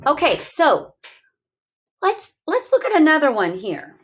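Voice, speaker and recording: A woman's voice: high-pitched, wildly swooping pitch, fairly bright tone, slight background noise. A woman teaching a reading lesson, talking through examples and coaxing young students with questions. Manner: slow, coaxing, asks questions aloud. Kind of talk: classroom literacy lesson.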